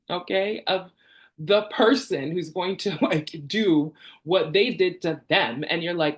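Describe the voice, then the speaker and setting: A woman's voice: on the low side, expressive, a little slow, breathy edge. A woman in her forties from Canada, talking candidly in a personal vlog, chatty and rambling, laughing often. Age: 40s. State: tearful at times. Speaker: vlogger.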